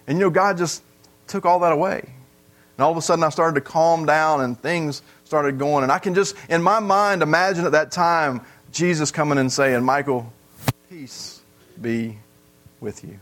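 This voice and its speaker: A pastor delivering a sermon to his congregation in church, earnest and repetitive, with long drawn-out pauses. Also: a little high, fairly bright tone.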